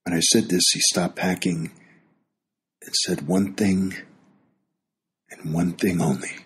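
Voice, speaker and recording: A man's voice: deep voice, steady tone, slow pace, slightly rough. A man narrating a scripted memoir in a dry, wry storytelling manner. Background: guitar music.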